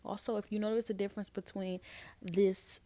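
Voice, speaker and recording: A woman's voice: mid-range voice, flat delivery, normal speed, warm tone. A young woman hosting a podcast, telling a personal story in a candid, emotional way, with lots of "like". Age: young adult. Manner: emotional, candid, with frequent fillers like "like". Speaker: podcast host. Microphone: changed to a lower-quality mic partway.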